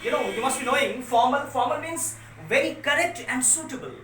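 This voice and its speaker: A woman teacher, her voice set a little high, works through a grammar lesson and repeats each rule with earnest stress. She sounds set back from the mic in a roomy, echoing space. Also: lively intonation, brisk, a bit bright, recorded from a distance, a little hiss or hum. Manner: repetitive, earnest explaining, stressing rules. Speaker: English teacher. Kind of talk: classroom lecture on grammar.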